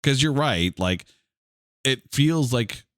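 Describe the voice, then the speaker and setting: A man hosting a podcast in casual chat, enthusiastic and animated, with mild swearing. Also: medium pitch, slow pace, no room sound, clean studio sound. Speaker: podcast host.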